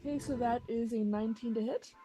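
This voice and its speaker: A woman playing in a tabletop game, hesitant and filling pauses with ums as she searches for words. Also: a little high, crowd noise. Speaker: player. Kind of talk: casual play at the table.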